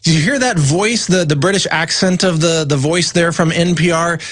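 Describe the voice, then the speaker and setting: A man co-hosting a talk radio show, reading news items with sarcastic, animated commentary. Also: fairly high pitch, normal speed. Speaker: radio co-host.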